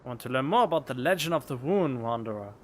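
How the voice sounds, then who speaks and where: A man's voice: mid-range voice, lively intonation, quick pace. A man doing playful let's-play commentary over a game, joking and reading dialogue choices aloud. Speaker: game streamer.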